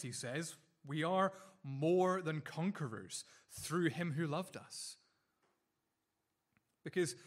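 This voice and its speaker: A man preaching a sermon earnestly, repeating words and restarting phrases, and slowing down to linger on key lines. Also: mid-range voice.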